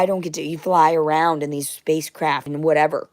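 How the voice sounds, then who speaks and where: Young woman, low voice, dry close sound, swearing, swings from loud to whispering. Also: little pitch movement, fast, hardly any pauses, dry recording. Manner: emotional, swinging between loud outbursts and quiet whispers; profane, blunt. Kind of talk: rambling monologue to unseen listeners.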